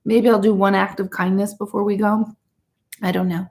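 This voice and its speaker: A middle-aged woman hosting a live chat stream, talking casually to her viewers and slipping into quick mock voices. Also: medium pitch. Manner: chatty and animated, does quick mock voices. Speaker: host of a live chat show.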